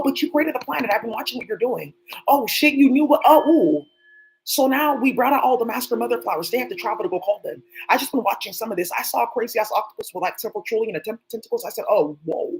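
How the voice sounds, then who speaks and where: Speaking fast and swearing freely, a channel host rambles off the cuff, addressing unseen people as if they were present. Her voice is on the high side, and the recording is rough.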